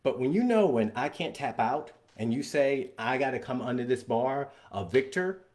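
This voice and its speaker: A man, a father, giving an energetic and emphatic motivational talk about fitness and getting unstuck. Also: medium pitch, moderate pace. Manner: energetic, emphatic, acts out scenes in voices.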